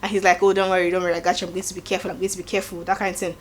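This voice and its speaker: Woman, Nigerian accent, casual recap host, animated, acts out quotes. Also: fairly low pitch, rapid-fire, slight background noise. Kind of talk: casual reality-show recap.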